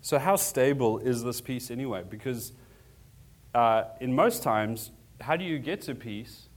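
Male pastor, mid-pitched, conversational sermon delivery, earnest with rhetorical questions. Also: unhurried.

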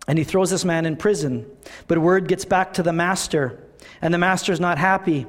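A male pastor preaching to his church in a conversational, animated way, full of rhetorical questions. His voice sits notably high. Long reverb from the church hall trails every phrase. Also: normal speed. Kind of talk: sermon.

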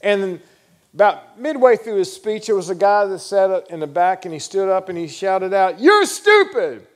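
Earnest higher-voiced male pastor preaching. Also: fairly even intonation, normal speed, a little mellow. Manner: earnest, questioning, storytelling. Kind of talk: sermon.

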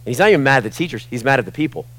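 A male pastor delivering a sermon in a mid-range voice. He preaches with fervor, pushing hard on key points and then dropping to a hushed, close tone. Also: medium pitch, lively intonation, rapid-fire, rough recording. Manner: impassioned, swinging between loud emphasis and hushed asides.

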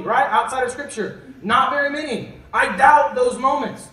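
High-voiced pastor preaching in an echoey hall. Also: male voice, moderate pace, few pauses, sharp tone. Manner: conversational, asks the congregation questions, jokes. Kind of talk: sermon. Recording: echoey room from a distant mic.

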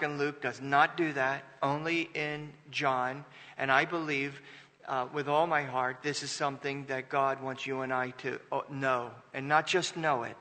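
A pastor with a high-ish, pushed, bright voice delivers a Sunday sermon, his words carrying the long reverb of a church hall in the sanctuary. He reads verses out loud and erupts into emphatic bursts, often restarting his sentences.

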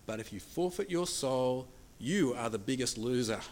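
A man preaching a sermon, emphatic, asking the congregation rhetorical questions and slowing down to stress key points. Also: medium pitch, expressive. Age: adult with children.

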